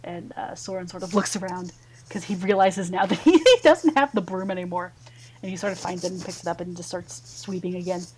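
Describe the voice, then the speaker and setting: A woman narrating a tabletop fantasy game as game master, relaxed with many fillers. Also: fairly low pitch, a little fast, a little hiss or hum, rough recording.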